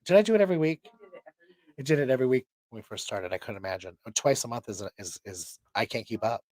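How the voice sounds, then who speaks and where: A man's voice: mid-range voice, expressive, fast talker, a little mellow, no room sound. A tired man hosting a show, chatting casually in a rambling way with many restarts. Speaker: host.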